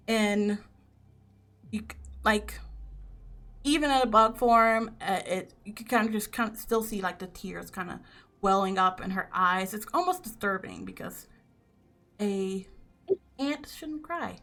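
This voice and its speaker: A woman's voice: mid-range voice, unhurried, pauses often, fairly bright tone, faint music behind. Casual woman narrating as game master. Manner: casual, many fillers.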